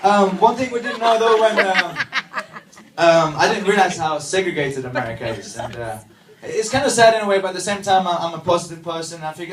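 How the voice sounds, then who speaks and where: A man from Sweden, doing a stand-up comedy set with deadpan asides and quick punchlines. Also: high voice, recorded from a distance. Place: comedy club stage. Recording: echoey club mic from afar, crowd laughter. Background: audience laughter.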